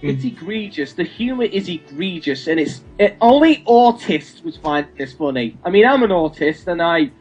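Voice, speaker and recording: A man's voice: a little high, very animated, moderate pace, few pauses, darkish tone, slightly rough, muffled recording, faint music behind. A young man in casual ranting commentary, profane and mocking, often stammering over his words. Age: young adult.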